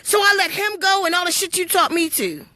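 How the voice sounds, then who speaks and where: Blunt, profane high-voiced woman preaching. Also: expressive, brisk, bright, forceful tone, no room sound. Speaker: livestream host. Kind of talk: spiritual testimony to viewers on a live stream.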